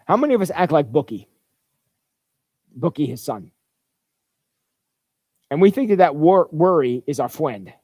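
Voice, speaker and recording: Pastor, male, high-ish voice, dry close sound, informal and rambling with frequent restarts. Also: big pitch swings, unhurried, long pauses, a little mellow, no echo. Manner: rambling, chatty, with stumbling restarts. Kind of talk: livestreamed informal Bible-study talk. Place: church.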